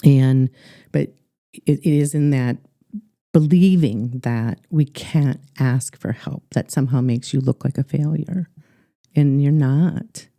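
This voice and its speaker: A middle-aged woman with an Upper Midwest American accent, a life coach telling her story earnestly in a podcast interview, halting with many fillers. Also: a bass voice, warm tone, no echo, clean studio sound.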